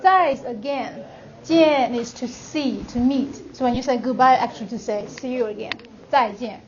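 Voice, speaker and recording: A woman's voice: on the high side, moderate pace, a loud crowd. A woman teaching a beginner language class, patiently modeling words for her students to repeat. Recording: dull audio, noisy classroom.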